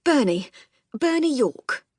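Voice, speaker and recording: A woman's voice: high voice, sing-song, slow pace, darkish tone, dry recording, studio quality, voice pushed up, exaggerated voice. A breathless, eager young man. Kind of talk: audiobook character voice.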